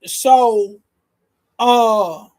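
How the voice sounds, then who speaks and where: A man hosting a casual commentary stream, excitable and laughing, who stumbles, repeats words and keeps talking straight to his audience. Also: very high-pitched, drawn-out words. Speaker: host.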